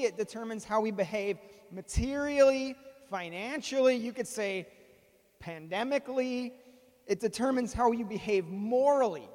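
A man in his thirties delivers a sermon in a high, bright voice. He speaks with dramatic pauses and acts out the voices in his stories. Long reverb from a large hall rings behind him. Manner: animated storytelling with dramatic pauses. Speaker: pastor.

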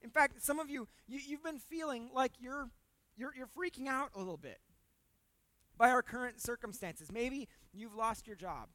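A pastor giving a conversational sermon with humor, repeating words for emphasis and swinging between loud points and hushed asides. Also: medium pitch, normal speed, dry recording.

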